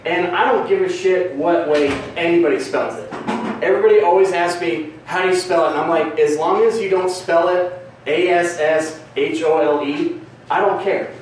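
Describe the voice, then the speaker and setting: A man's voice: high voice, normal speed, a little hiss or hum. A man doing a crude, rambling, self-mocking stand-up comedy set on a club stage. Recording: echoey live club recording from a distance.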